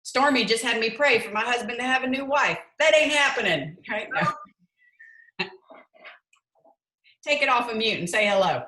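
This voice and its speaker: Playful lady hosting a prayer chat, bright voice, roomy echo. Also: fairly high pitch, lively intonation, normal speed, pauses often. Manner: playful, laughs often. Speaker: host. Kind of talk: casual prayer-group chat.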